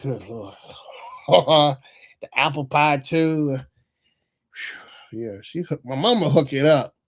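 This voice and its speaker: A man from North Carolina, hosting a casual live stream in a relaxed, rambling way and often chuckling as he reads chat aloud. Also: on the high side, takes it slowly. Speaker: livestream host reading chat.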